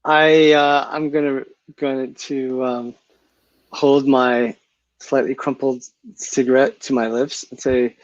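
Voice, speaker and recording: A man playing a tabletop game, speaking slowly and hesitantly. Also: mid-range voice, little pitch movement, no room sound. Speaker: player. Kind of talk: casual tabletop play. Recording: dull lo-fi mic.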